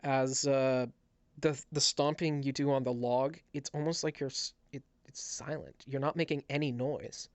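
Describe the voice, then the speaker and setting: A man narrating as game master, describing scenes with halting restarts. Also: mid-range voice, steady tone, no echo. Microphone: headset.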